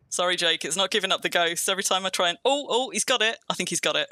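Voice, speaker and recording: During a live-streamed game, an English woman chats away casually, wandering off topic and joking at her own expense. Her accent is near-standard with a little Kentish twang, and her low voice is animated, pushed and bright.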